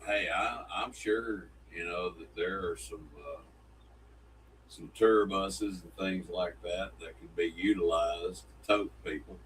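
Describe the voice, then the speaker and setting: Low bright-voiced man, rambling. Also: steady tone, slow pace. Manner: rambling, joking, restarts sentences. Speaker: co-host. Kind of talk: casual morning show banter. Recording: distant mic, faint room noise.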